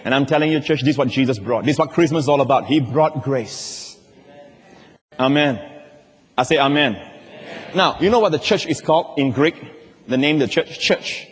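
A man's voice: a little high, fairly quick, breathy edge. Man preaching in a big echoing hall. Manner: emphatic preaching with call-and-response questions. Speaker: pastor. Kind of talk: sermon. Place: large church. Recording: long hall reverb.

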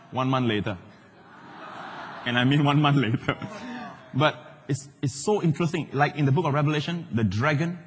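A middle-aged male pastor preaching a sermon, animated, swinging between loud declarations and hushed asides. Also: mid-range voice, a little hiss or hum. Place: large church hall. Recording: live church hall with long reverb.

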